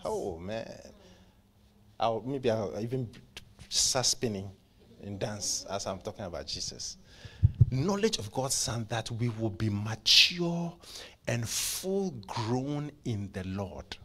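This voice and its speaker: A man preaching a church sermon, impassioned, with stammering repeats, dropping to hushed whispers and then rising to loud bursts. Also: on the low side, lively intonation, slow. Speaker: pastor. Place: church service.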